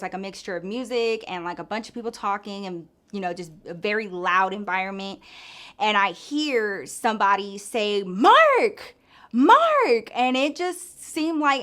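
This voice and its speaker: A young adult woman, a storyteller vlogger, recounts something from her own life in a casual storytime. Her voice sits at medium pitch with a fairly bright tone, and she's chatty and profane, leaning heavily on "like."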